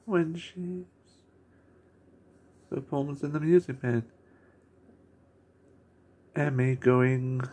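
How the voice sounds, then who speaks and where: A man casually narrating and describing a fan video, with halting phrasing that breaks off and restarts. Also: medium pitch, dark tone.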